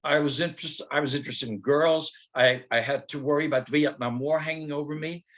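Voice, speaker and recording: Higher-voiced older man telling stories. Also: fairly even intonation, fairly bright tone. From Germany. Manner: humorous, anecdotal, slows to dramatic recitation. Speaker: speaker, retired teacher. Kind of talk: personal storytelling talk with dramatic readings.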